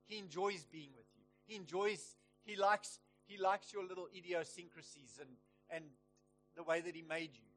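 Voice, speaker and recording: A man preaching a sermon in church, telling a story and rising to loud, emphatic peaks. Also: high-pitched, moderate pace, soft background music, low-quality recording.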